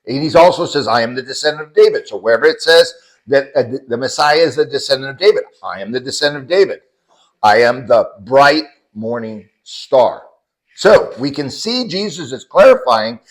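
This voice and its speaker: A man's voice: fairly high pitch, rough recording. A man leading a casual group Bible study, explaining scripture and the Greek words behind it to the people around him.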